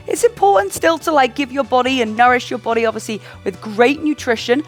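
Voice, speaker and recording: A pregnant woman leading a gentle stretching workout, cueing breaths and counts in a calm, encouraging way. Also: high-pitched, brisk, few pauses. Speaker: fitness instructor. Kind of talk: guided prenatal workout instruction. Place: home workout space, indoors. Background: soft background music.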